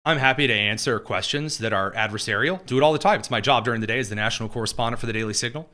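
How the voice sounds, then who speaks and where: Bright-voiced man talking bluntly. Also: mid-range voice, fast talker. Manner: conversational, digressive, frequent restarts; blunt and opinionated. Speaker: political commentary show host answering viewer questions. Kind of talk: casual livestream chat.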